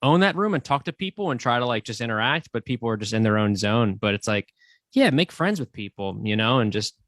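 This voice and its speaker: A man's voice: mid-range voice, expressive, brisk, fairly bright tone, no room sound, studio quality. A man co-hosting a casual interview, talking in a loose, rambling way full of fillers. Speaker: comedian co-host.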